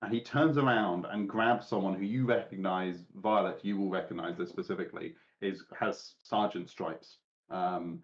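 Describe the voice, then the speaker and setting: A man narrating as game master of a live tabletop game, calm and measured. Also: low-pitched, highs cut off.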